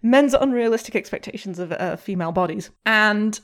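Animated woman reading posts aloud, laughing. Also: medium pitch, fairly quick. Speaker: podcast co-host.

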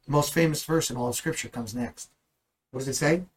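A man's voice: medium pitch, brisk, breathy edge, rough recording. A man teaching the Bible in a conversational way, earnest and at times emphatic. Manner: earnest, rising to emphatic bursts.

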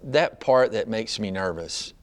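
Animated yet unhurried, a man delivers a sermon as pastor in a conversational manner. He keeps asking the congregation "right?" and works up to loud, high emphasis.

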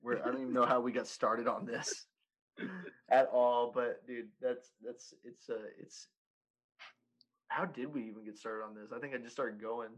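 A man's voice: mid-range voice, steady tone, moderate pace, low-quality recording. A man in his thirties telling a story in casual chat, rambling, swearing and laughing often. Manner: profane, rambling, laughs often, says "dude" constantly.

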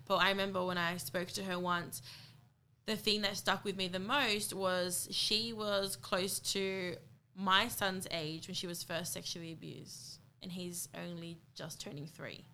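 Earnest bright-voiced New woman. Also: lowish voice, little pitch movement, measured pace, slight background noise. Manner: earnest, heartfelt, retells friend's words. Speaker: podcast co-host. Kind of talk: candid podcast conversation.

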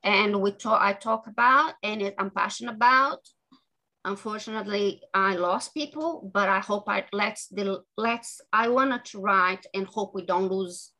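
Earnest woman author, bright voice. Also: medium pitch, low-quality recording. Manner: earnest, halting, with many restarts. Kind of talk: interview guest.

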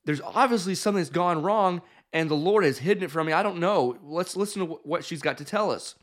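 A man voicing an older male prophet who speaks calmly and firmly to reassure. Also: a little high, fairly quick, lightly acted. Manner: firm, reassuring. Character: calm authoritative old male prophet.

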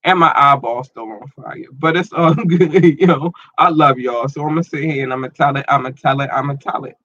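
A man hosting a podcast and online radio show, rambling casually and slangily through listener shout-outs while his eye is irritated and tearing up. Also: medium pitch, fairly even intonation, moderate pace, no echo, highs cut off. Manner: loose, rambling, slangy, repeats himself.

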